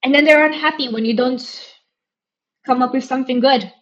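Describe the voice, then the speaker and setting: Young woman streamer, Romanian-British accent, higher voice, giggly self-mocking chatter, muffled lo-fi sound. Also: brisk, fairly bright tone. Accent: mixed Romanian and British. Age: young adult. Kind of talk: casual live-stream chat.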